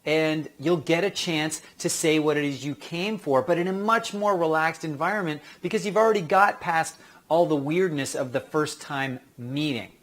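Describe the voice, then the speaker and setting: A man talks through acting career advice in a loose, chatty way. His voice sits a little higher than most men's, and he slips into quick quoted lines as he goes. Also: a bit bright. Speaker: acting coach. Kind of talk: casual advice talk.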